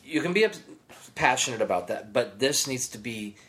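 A man's voice: mid-range voice, lively intonation, normal speed, a bit bright. A man co-hosting a casual podcast chat, earnest and rambling, with self-correcting asides. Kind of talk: casual conversation.

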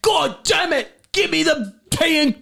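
A man voicing a furious, shouting male ragdoll father who swears constantly and puts on a British accent. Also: very high voice, lively intonation, a little slow, vocal fry, pitched above the performer's own voice, heavily acted. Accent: put-on British. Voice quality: loud, shouting. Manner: profane, indignant rant. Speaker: podcast co-host.

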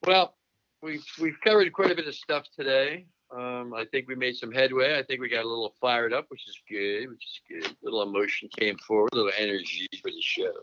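A man's voice: medium pitch, brisk, a bit bright, no echo. Stammering man hosting a casual chat. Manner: stumbling, repeats words, playful quizmaster. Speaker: podcast host quizzing co-hosts. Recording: dull, slightly lo-fi dry sound.

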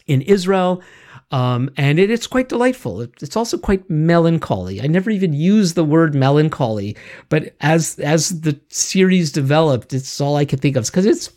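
A man's voice: on the high side, darkish tone. A middle-aged man talking casually on his own, rambling with many fillers and restarts as he circles back to his point. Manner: rambling, self-correcting, frequent fillers. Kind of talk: casual monologue.

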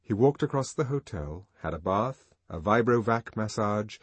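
A man narrating a novel in a measured, expressive audiobook reading. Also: fairly low pitch, husky, no room sound. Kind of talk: scripted narration.

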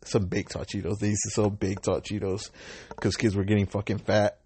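A young man in his mid-twenties talks in a low, somewhat husky voice, the sound close and dry with no room around it. He rambles casually from one story to the next, leaning on slang and swearing. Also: flat delivery, brisk, darkish tone, no room sound. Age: 20s. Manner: slangy and profane, loose and rambling.

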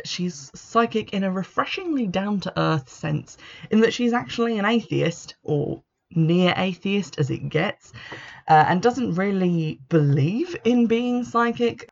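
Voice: medium pitch, gravelly, lo-fi sound. A book reviewer giving a casual, opinionated review with frequent fillers and an easy, chatty manner.

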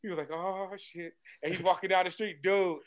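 A man's voice: high voice, fast, a crowd in the background. A man in casual chat, telling stories and acting out comedians' bits with energy. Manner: animated storyteller, acts out comedians' bits. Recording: dull lo-fi sound.

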